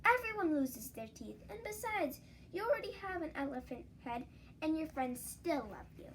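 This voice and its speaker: A woman voicing a small male mouse in a children's storybook, with loud, high, urgent squeaks. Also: sing-song, normal speed, slight background noise. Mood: reassuring. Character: frantic little male mouse, Ganesha's loyal friend. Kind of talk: children's storybook read-aloud.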